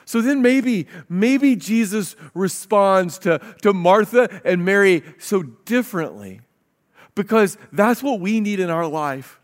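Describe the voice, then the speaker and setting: A pastor preaches a sermon in a fairly high, expressive voice, earnest and direct, at a slow pace. Between points he reads scripture aloud, and he often repeats a word when restarting a sentence.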